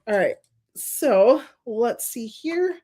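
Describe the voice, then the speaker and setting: A woman's voice: on the high side, expressive, drawn-out words, dark tone. A woman hosting a card-making stream, chatting casually and laughing often as she thinks aloud while working. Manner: gushing, openly emotional. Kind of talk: casual crafting demonstration.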